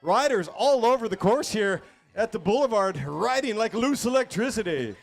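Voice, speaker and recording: Man, higher voice, race co-announcer, flowery dramatic phrasing, outdoors. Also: lively intonation, moderate pace. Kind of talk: live race commentary.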